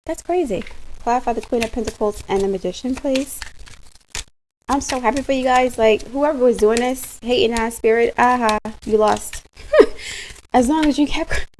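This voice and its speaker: A woman giving a casual tarot reading straight to her viewers, animated and slangy, laughing often. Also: a little high, moderate pace, a little hiss or hum, low-quality recording. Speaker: tarot reader.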